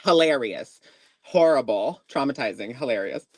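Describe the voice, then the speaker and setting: A man hosting a casual live psychic stream, animated and laughing as he tells stories and reads tarot cards. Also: mid-range voice, normal speed, dry recording. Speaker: psychic reader host.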